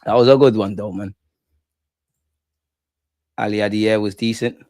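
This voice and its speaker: Young man, casual stream host, animated ranting, dry close sound. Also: on the low side, unhurried, no room sound. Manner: animated, swings between ranting and joking with chat. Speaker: fan channel host. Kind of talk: casual live-stream chat reading comments.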